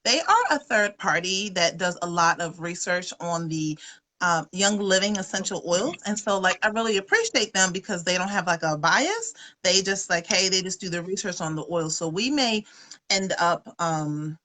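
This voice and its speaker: A woman's voice: on the low side, expressive, moderate pace, bright, forceful tone. A woman giving a casual, folksy livestream presentation on her webcam, chatty and full of fillers. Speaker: wellness presenter.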